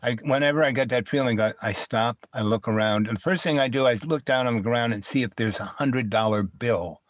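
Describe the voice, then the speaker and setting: A man's voice: medium pitch, brisk, no echo. Rambling dry-voiced man telling stories. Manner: meandering, digressive, full of asides. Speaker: live-stream host. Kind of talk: rambling personal storytelling.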